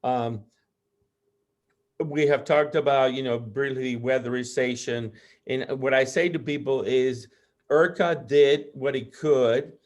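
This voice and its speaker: A man hosting a roundtable discussion, speaking haltingly with many fillers. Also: mid-range voice, fairly even intonation. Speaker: host.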